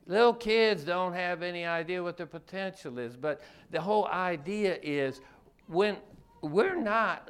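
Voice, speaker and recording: High-voiced man preaching a folksy sermon. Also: a bit bright, clean tone. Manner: colloquial and conversational, rhetorical questions. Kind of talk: folksy Bible-teaching sermon.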